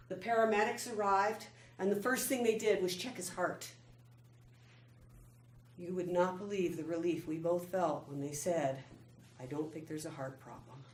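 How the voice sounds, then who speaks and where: A middle-aged woman giving a prepared personal speech, telling her story in a slow, measured way with pauses. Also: sits low, darkish tone. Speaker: club speaker. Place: meeting room. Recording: echoey room, faint background noise.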